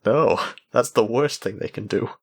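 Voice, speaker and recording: A man's voice: on the low side, moderate pace, creaky, darkish tone, slightly rough. A man co-hosting a podcast, chatting casually in a wry, laid-back way. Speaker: podcast co-host. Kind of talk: casual chat.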